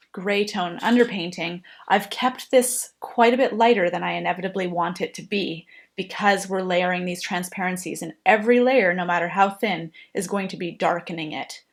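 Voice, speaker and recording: A woman explaining a painting technique while she works, in a gentle, thoughtful way. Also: medium pitch, gravelly. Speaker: painting instructor. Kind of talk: painting tutorial narration.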